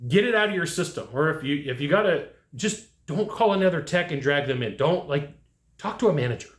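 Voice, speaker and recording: A man giving casual advice to HVAC technicians, telling lively work stories and acting out what people said. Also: on the high side, fairly quick, reverberant. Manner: animated storyteller who acts out quotes. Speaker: HVAC sales trainer.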